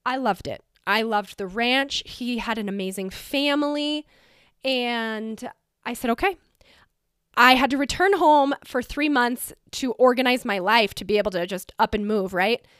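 A woman in her thirties from the United States hosts a personal podcast, recorded close and dry. Her voice sits a bit high. She talks in a chatty, emotional stream full of "like" and small restarts. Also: measured pace, a bit bright, smooth, no echo. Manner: chatty, emotional, heavy use of "like". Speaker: podcast host. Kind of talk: personal storytelling.

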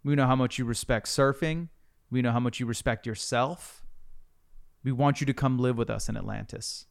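Mermaid played by a man in his own voice: smooth, persuasive, dreamy. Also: mid-range voice, steady tone, normal speed, lightly acted. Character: mermaid inviting a surfer to Atlantis.

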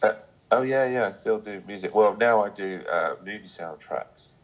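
A young Englishman with a London accent chatting casually on a live stream, rambling and relaxed with many restarts. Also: fairly low pitch, normal speed, poor audio. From England, Sussex. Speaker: stream guest, musician. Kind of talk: casual chat.

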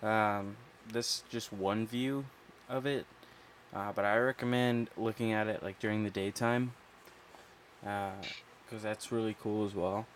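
A man co-hosting a podcast in relaxed casual chat, hesitant, with many fillers. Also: on the low side, measured pace, slight background noise. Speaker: podcast co-host.

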